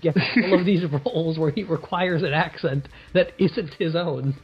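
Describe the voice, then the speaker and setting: Man, husky voice, podcast co-host, jokey casual chat, lo-fi sound, faint music. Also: fairly high pitch, normal speed. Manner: jokey, self-mocking, laughs often. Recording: dull lo-fi recording with faint music.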